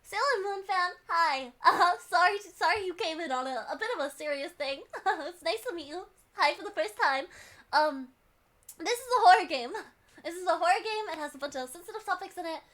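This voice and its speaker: Giggly very high-voiced woman streamer. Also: lively intonation, fairly quick, bright, forceful tone. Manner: giggly, apologetic, swears casually. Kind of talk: casual live-stream chat.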